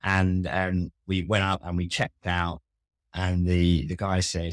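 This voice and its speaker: Man, low voice, podcast guest, wry storyteller, self-mocking, dry close sound. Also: monotone, slow pace, dry recording. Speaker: customer experience expert, podcast guest. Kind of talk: casual interview conversation.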